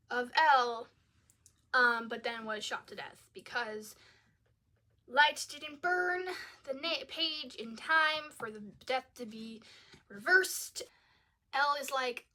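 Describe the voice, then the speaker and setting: A woman's voice: sits high, bright, forceful tone. A young woman giving a casual, chatty film review. She sounds exasperated and says "like" a lot. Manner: chatty, exasperated, uses "like" often. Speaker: video creator reviewing a film.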